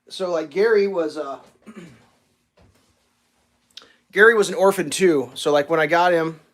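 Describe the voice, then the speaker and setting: Brief: casual man, slightly higher voice, stream host who rambles and stumbles through restarts. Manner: rambling storyteller, stammers on restarts; baby talk with his cat. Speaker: livestream host. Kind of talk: casual chat.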